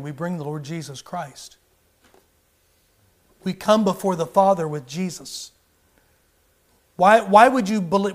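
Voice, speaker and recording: A man preaching a sermon in a high-pitched voice. He hammers his points home with repeated phrases and asks the congregation question after question. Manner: emphatic, repetitive rhetorical questions.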